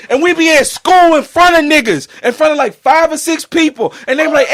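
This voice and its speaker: A man's voice: extremely high pitch, brisk, few pauses, background noise. A young man co-hosting a casual podcast, telling a long, profane story to his friends with lots of laughter. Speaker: podcast co-host. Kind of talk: casual chat among friends.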